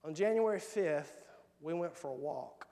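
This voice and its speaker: A man's voice: a little high, animated, measured pace, warm tone, big-room sound. A male pastor preaching a sermon and telling personal family stories. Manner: tells personal family anecdotes, quoting his kids. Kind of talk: sermon storytelling. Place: church sanctuary.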